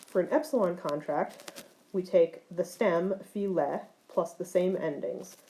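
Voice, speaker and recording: A woman's voice: fairly low pitch, measured pace, warm tone, slight background noise, low-quality recording. A woman teaching ancient Greek grammar in a recorded lecture, explaining forms step by step, with occasional fillers.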